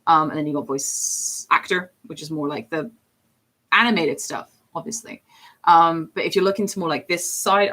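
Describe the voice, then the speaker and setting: A woman who streams and does voice acting chats casually and rambles while drawing on stream. Her voice sits on the low side, bright and forceful.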